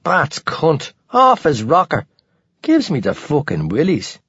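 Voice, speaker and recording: A man voicing a wisecracking young drug dealer in an audiobook, full of sarcastic, drawn-out jokes. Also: fairly high pitch, wildly swooping pitch, a bit bright, breathy edge, no room sound, full character voice. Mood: mocking. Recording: slightly dull recording.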